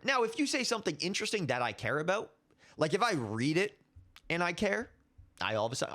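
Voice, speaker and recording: A man's voice: fairly high pitch, wildly swooping pitch, fast, bright, forceful tone. A man in his twenties hosting his own commentary show, ranting heatedly and repeating himself. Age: 20s. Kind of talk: casual opinion commentary.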